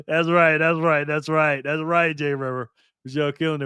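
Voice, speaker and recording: A middle-aged man hosting a casual live stream, lively and teasing, laughing often as he reacts to chat. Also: a little high, normal speed, clean tone, no echo, clean studio sound.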